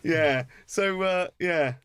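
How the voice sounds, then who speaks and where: A man's voice: fairly high pitch, slow pace, a crowd in the background. Swearing, rambling man. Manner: rambling anecdotes with frequent swearing and restarts. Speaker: podcast host. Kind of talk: casual comedic chat.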